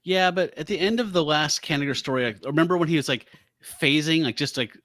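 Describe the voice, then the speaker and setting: A man co-hosting a podcast, chatting casually about a comic book and reading its dialogue aloud in quick, playful voices, laughing often. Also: a little high, a bit bright, dry recording. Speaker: podcast co-host.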